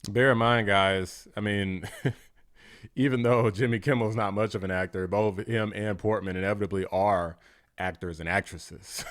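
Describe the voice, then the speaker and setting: A man's voice: lowish voice, fairly bright tone. A man hosting a reaction commentary, ranting and mocking in a blunt, heated way. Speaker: political commentary host.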